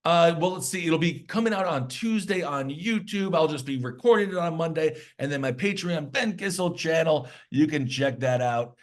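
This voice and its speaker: A man's voice: a little high, lively intonation, moderate pace, few pauses. A man guesting on a podcast, chatting in an easygoing, self-deprecating, joking way. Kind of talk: casual chat.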